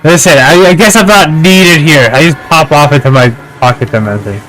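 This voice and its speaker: A man's voice: on the high side, brisk, fairly bright tone, dry recording, faint music behind, rough recording. A man playing a tabletop game on a livestream, joking and incredulous. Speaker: player.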